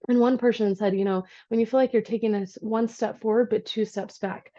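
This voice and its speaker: A woman in her thirties, an energy healer, chatting casually in a vlog from her home office, animated as she retells her day. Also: a little high, brisk. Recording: dull lo-fi recording.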